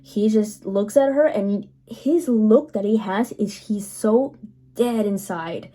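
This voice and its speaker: A woman's voice: mid-range voice, takes it slowly, warm tone. A woman giving a casual, chatty episode recap, telling the story loosely with lots of fillers. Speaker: anime reviewer.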